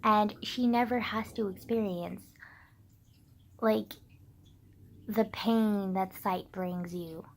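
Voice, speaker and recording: A woman's voice: medium pitch, fairly even intonation, slow, long pauses, rough recording. A young woman ranting casually to camera, heated and sarcastic, swearing often and filling her talk with "like". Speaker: vlogger.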